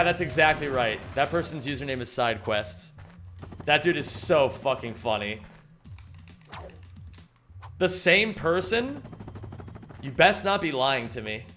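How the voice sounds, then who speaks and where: A man's voice: fairly high pitch, bright, forceful tone. Swearing, upbeat young male streamer. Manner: swears freely, thanks viewers, rambles with restarts. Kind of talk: casual live-stream chat while gaming.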